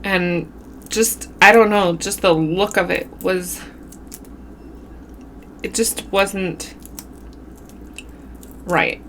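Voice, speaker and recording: Slow-talking woman telling a spooky story. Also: on the low side, a little hiss or hum. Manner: animated storytelling with southern-style "y'all". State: runny nose. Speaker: mukbang vlogger telling a story. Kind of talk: casual storytelling. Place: home, eating on camera.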